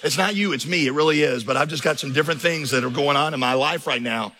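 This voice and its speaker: A man's voice: on the high side, quick pace, bright, forceful tone. A man preaching a sermon as pastor, telling stories and building to impassioned emphasis. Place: large church auditorium. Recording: reverberant hall.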